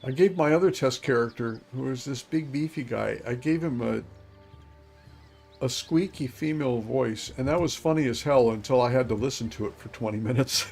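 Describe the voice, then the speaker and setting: Man in his fifties, casual gameplay commentary, rambling self-talk, even middle-pitched voice, faint music behind. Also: moderate pace, vocal fry. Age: 50s. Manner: rambling, talks to himself, chuckles. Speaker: game streamer.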